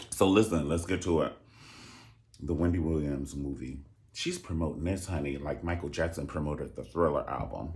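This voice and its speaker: A man hosting a casual comedic talk show, sassy and animated, breaking into high mocking impressions. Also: moderate pace, slight background noise. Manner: sassy, animated, calls listeners honey and baby. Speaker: host.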